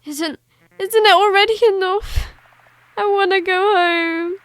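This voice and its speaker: A woman's voice: very high voice, steady tone, slow pace, fairly bright tone, dry recording, exaggerated voice. A woman voicing a frightened fifteen-year-old boy who stammers and pleads, reading game dialogue aloud. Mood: pleading.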